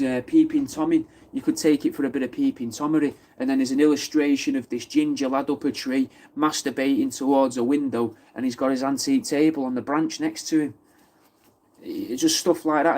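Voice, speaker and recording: A man's voice: mid-range voice, mellow. A man from Manchester with a Mancunian accent, chatting casually on a live stream, answering viewers' comments and swearing freely. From Wythenshawe, Manchester. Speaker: livestream host.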